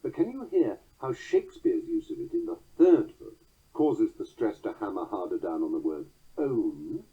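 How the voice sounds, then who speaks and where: A man giving a scripted lecture on verse meter, measured and slowing down whenever he recites a quoted line. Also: low voice, big pitch swings, husky. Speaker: teacher explaining verse meter. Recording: narrow, phone-like sound.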